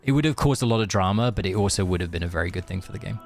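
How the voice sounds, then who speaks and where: In this casual live-stream chat, a young gamer talks loosely with his audience and thinks aloud, often using fillers and starting over. His voice is low and gravelly, and he speaks at a rapid-fire clip. Music can be faintly heard behind him.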